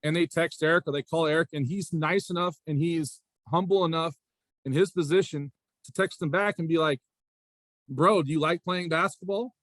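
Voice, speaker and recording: Chatty coach, slightly high voice. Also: male voice, fairly even intonation, a little fast, dry recording. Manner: rambling, repeats "again" and "right?", frequent restarts. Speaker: high school basketball coach and athletic director. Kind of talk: casual interview storytelling.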